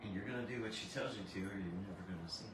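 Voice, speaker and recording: A man's voice: deep voice, very fast, a bit bright, roomy sound, recorded from a distance, a little hiss or hum. A man in casual chat, tossing in wisecracking side remarks.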